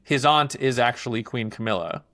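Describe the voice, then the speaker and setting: This man's mid-range voice moves at a normal speed, recorded without room sound. He's a filmmaker, not from England, discussing his film in a casual interview as an animated storyteller full of fillers.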